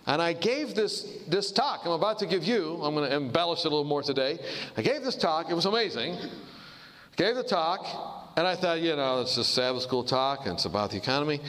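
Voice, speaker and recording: A man's voice: a little high, animated, fairly quick, fairly bright tone. Man, preacher, humorous storytelling, audience asides, long hall reverb. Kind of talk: sermon-style talk.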